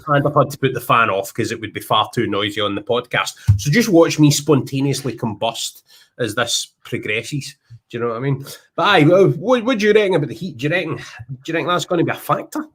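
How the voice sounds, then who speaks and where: A Scottish man in his thirties hosts a relaxed podcast conversation over a call. His voice carries a husky edge at an ordinary middle pitch. He talks in a chatty, self-deprecating way and livens up when telling a story. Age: 30s. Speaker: podcast host. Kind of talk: casual podcast chat.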